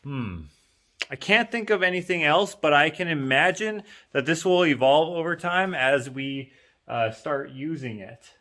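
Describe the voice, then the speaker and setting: A man's voice: a little high, unhurried, sharp tone. A man vlogging casually in his woodworking shop, rambling with lots of fillers and self-deprecating asides.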